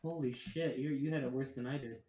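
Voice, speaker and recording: A man's voice: mid-range voice, fairly even intonation, brisk, warm tone. A man chatting casually as a guest on a stream, stammering a little and reacting often. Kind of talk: casual chat. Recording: echoey room, keyboard typing.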